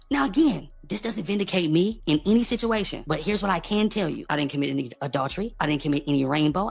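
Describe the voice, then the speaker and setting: A man's voice: fairly high pitch, vocal fry, fairly bright tone. A man giving an emphatic, repetitive unscripted monologue in his own defense, asking rhetorical questions and reading scripture. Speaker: preacher defending himself.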